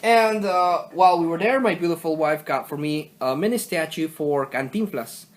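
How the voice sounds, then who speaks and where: A man's voice: fairly high pitch, moderate pace. A young man casually showing off his collection in a vlog, rambling with many fillers and self-corrections. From Mexico. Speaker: collector vlogger. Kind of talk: casual show-and-tell vlog.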